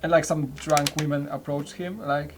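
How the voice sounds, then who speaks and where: A man's voice: a little high, fairly even intonation. A man co-hosting a live build stream, joking and chatting casually. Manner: joking, chatty, quick to laugh. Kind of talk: casual chat while building. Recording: noisy mic with keyboard clicks.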